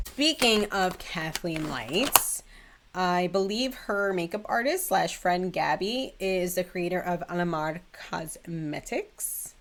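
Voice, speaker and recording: A woman's voice: lowish voice, lively intonation, slow. A young woman chatting in a gushing, casual way about her beauty favorites at home, with lots of "like". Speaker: beauty vlogger. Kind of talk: casual chat.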